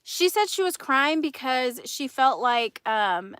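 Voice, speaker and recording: A woman's voice: sits high, sing-song, takes it slowly, a bit bright, smooth, no room sound, studio quality. A woman hosting a livestream, telling gossip in a casual, indignant way and laughing often. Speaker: livestream host.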